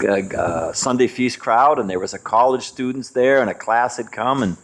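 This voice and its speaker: A man in his sixties giving a devotional class, an animated storyteller who swings his pitch and chuckles between points. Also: moderate pace. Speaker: spiritual teacher.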